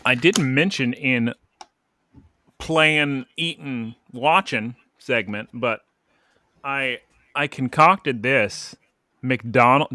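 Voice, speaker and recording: A man's voice: medium pitch, bright, forceful tone, no room sound, clean studio sound. A man co-hosting a podcast, recapping an anime episode in rambling, jokey casual chat full of "like". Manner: rambling, jokey, lots of "like" fillers. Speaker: podcast co-host.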